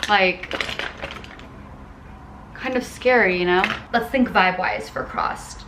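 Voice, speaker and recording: A young woman in her twenties chatting casually to her phone camera for a vlog. She is bubbly and excitable, drops in plenty of casual fillers, and reads book passages aloud in a calmer voice. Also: mid-range voice, slow pace, noisy background. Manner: bubbly and excitable, heavy on filler words like "dude" and "like". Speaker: lifestyle vlogger.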